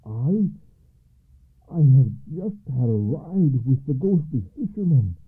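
An excitable teller of tall tales, put on by a storyteller, a man who exclaims everything in a raised, lively voice. The sound is thin and phone-like. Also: mid-range voice, unhurried, husky. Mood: excited.

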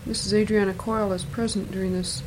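A woman taking part in an oral history interview, speaking in a brisk, plainspoken way. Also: medium pitch, level tone. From Ireland. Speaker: interview participant. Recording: 1970s tape with audible noise.

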